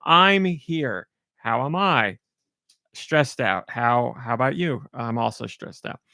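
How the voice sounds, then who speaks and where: A middle-aged man hosts a podcast by himself, chatting casually into a close mic in a rambling, self-deprecating way. His voice is medium in pitch, slow, creaky and bright, with a forceful tone, and the recording is dry.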